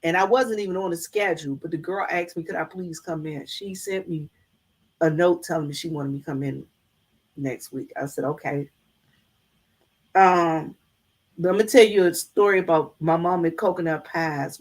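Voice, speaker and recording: A woman's voice: fairly low pitch, steady tone, moderate pace. A middle-aged woman, chatting casually to her viewers and telling folksy stories. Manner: folksy storytelling, addresses viewers as y'all. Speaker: vlogger. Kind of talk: casual chat to live viewers.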